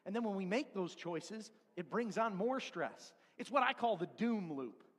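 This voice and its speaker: A man in his forties preaching a sermon as pastor in a church, animated, acting out his points and sometimes shouting. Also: high-pitched, normal speed. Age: 40s. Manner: animated, acts out stress with props and shouts. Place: church sanctuary. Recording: long hall reverb.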